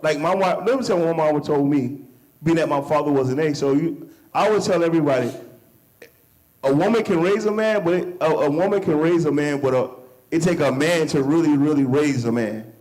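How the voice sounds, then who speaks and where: A man hosting a men's group discussion, speaking. His voice sits a little high. He talks emphatically, repeats phrases and lets his pitch leap when he gets excited. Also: poor audio. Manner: emphatic, repeats himself, lively pitch swings. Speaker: host.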